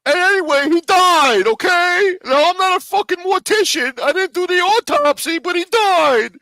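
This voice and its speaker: A man putting on a squeaky, defensive voice to mock an indignant, flustered man who is making excuses. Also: animated, sharp tone, no room sound, clean studio sound, full character voice. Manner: squeaky, defensive, slow exaggerated delivery.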